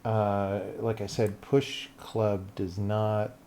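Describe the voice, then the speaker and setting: Slow, mumbling man thinking aloud. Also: fairly low pitch, little pitch movement, warm tone, slight background noise. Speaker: game developer streamer. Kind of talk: casual livestream commentary while working.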